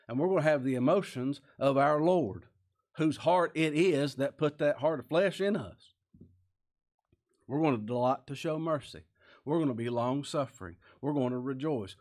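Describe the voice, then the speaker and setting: A man preaching a sermon, earnest and emphatic, with many rhetorical questions. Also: a little high.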